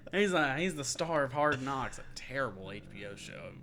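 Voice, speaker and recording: A man's voice: medium pitch, animated, moderate pace, sharp tone, slight background noise. Ranting profane young man on sports. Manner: profane, ranting, laughs often. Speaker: podcast co-host. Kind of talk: casual sports chat.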